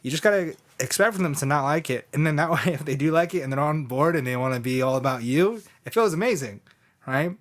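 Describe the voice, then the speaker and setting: This podcast host is a man with a slightly high voice who talks quickly and with lively intonation. Chatting casually, he rambles, cracks jokes, and often corrects himself mid-sentence.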